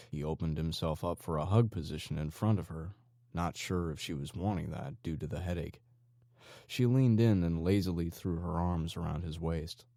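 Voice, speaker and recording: A man narrating an audiobook in an expressive, storytelling way. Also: sits low, creaky, no echo, clean studio sound. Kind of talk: scripted narration.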